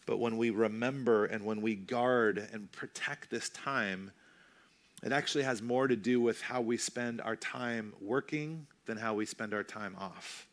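A man in his thirties preaching a sermon in a conversational, self-deprecating way, slowing down for emphasis. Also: lowish voice. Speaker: pastor.

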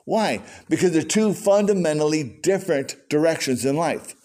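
A man preaching a sermon as pastor, folksy and animated, with conversational asides. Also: on the high side, moderate pace.

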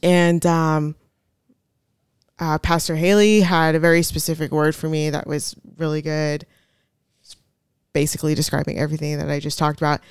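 A woman's voice: low-pitched, little pitch movement, normal speed, pauses often, clear, resonant tone, dry recording, studio quality. A woman chatting as a podcast guest, telling a personal story in a chatty way with many fillers and frequent laughs. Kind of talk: casual storytelling chat.

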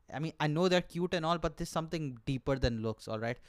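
A man's voice: on the high side, expressive, fairly quick. A man hosting his own podcast, delivering a comic, profanity-filled rant and checking in with the listener with repeated asides. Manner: profane, exaggerated ranting with frequent "all right?" asides. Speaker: podcast host and aspiring stand-up comedian.

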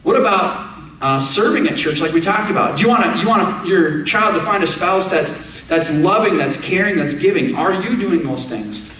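A man's voice: high-pitched, animated, normal speed, a bit bright, far from the mic, slight background noise. A man preaching a sermon, emphatic, putting direct questions to his congregation. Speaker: pastor. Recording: echoey room, speaker away from the mic.

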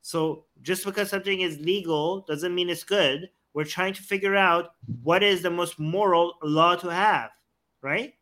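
High, bright-voiced man arguing insistently. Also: fairly even intonation, a little slow. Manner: insistent, interrupting, argumentative; mocks his opponent's words in a put-on voice. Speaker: debate show host. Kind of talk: heated live debate.

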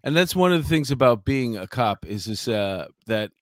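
A man's voice: mid-range voice, moderate pace, dry recording, clean studio sound. A man, a former police officer co-hosting a casual chat and telling stories with laughs. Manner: animated storyteller, laughs through his anecdotes.

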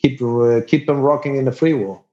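A man's voice: medium pitch, fairly even intonation, mellow. Spanish-accented man in a roomy, dull room. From Spain. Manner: halting, repeats words, laughs often. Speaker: musician guest. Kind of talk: casual podcast chat.

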